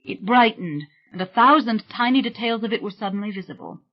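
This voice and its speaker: An audiobook narrator giving a measured, scripted reading of a gothic thriller novel. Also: mid-range voice, dull audio.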